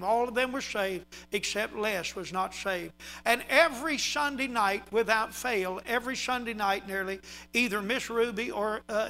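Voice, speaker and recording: A man's voice: high-pitched, bright, forceful tone, poor audio. A man, a pastor telling folksy stories in an emphatic sermon. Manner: folksy, emphatic preaching with rising intensity. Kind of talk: sermon storytelling.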